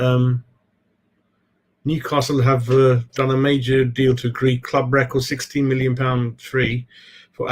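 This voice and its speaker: Chatting live on his football fan channel, this mid-range-voiced man responds to viewers on the fly, wandering between topics and tossing in "mate" again and again.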